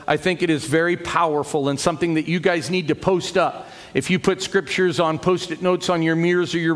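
High-voiced middle-aged pastor preaching. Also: male voice, big-room sound. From United States. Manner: animated, acts out quoted voices. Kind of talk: sermon.

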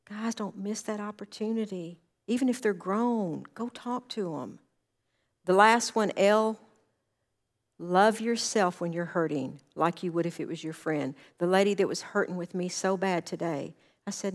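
A woman with a slightly low voice speaks from the church platform as a counselor. She is earnest and conversational, and she tells stories from her counseling work, slipping into the voices of the people in them. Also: normal speed. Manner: earnest, anecdotal, acts out quoted dialogue. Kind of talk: conversational sermon talk.

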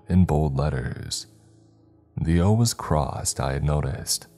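A man narrating a horror story in a measured, dramatic way. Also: extremely low pitch, dark tone. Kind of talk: scripted narration. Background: faint background music.

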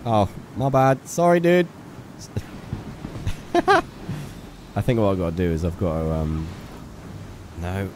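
A man's voice: deep voice, big pitch swings, takes it slowly, pauses often, darkish tone, slight background noise. A young man giving playful live gameplay commentary, chatting to his viewers and scolding an in-game character. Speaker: game streamer.

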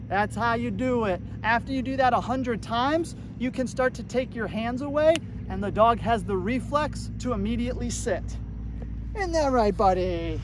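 A man's voice: very high voice, unhurried, slight background noise. A man working as a dog trainer, giving a casual, upbeat tutorial outdoors and praising his puppy as he coaches.

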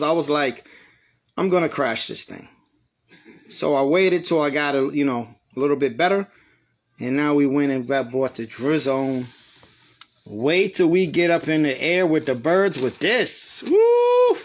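A man hosts a live stream and talks straight to his viewers, calling out their names as he goes. His voice sits a little high and his delivery is slow and unhurried. He stays chatty and excited throughout. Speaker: pigeon show host.

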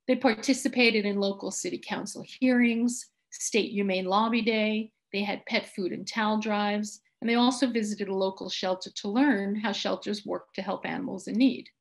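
A woman who teaches high school, giving a steady, methodical account of her classroom activities on a panel. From United States.

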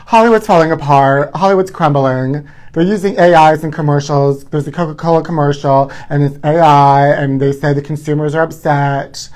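A man's voice: on the high side, fairly even intonation, moderate pace, darkish tone. A man hosting a live stream, chatting in a campy, gossipy way and calling his viewers honey. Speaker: livestream host.

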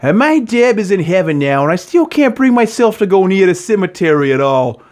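Joking New podcast host. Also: male voice, high voice, very animated, a little fast, a little mellow. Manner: joking, irreverent, laughs often. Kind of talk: casual podcast chat, reading case notes.

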